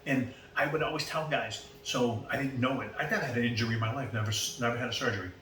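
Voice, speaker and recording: A man's voice: medium pitch, quick pace. A man in his fifties with a Boston accent, a podcast guest telling long stories and acting out who said what. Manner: animated, acts out quoted exchanges. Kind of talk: casual storytelling. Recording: roomy, distant mic, faint background noise.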